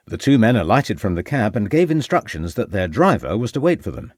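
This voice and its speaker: A man narrates a crime audiobook in a steady, storytelling delivery. His voice is low but moves expressively through a wide pitch range. The recording is dry and close. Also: brisk, few pauses, no echo. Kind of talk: scripted narration.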